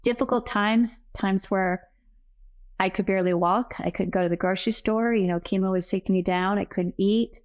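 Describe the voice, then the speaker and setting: A woman's voice: medium pitch, steady tone, moderate pace. Middle-aged woman telling her story. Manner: earnest, acts out remembered dialogue. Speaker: podcast guest, psychic medium. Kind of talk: personal storytelling in a casual interview.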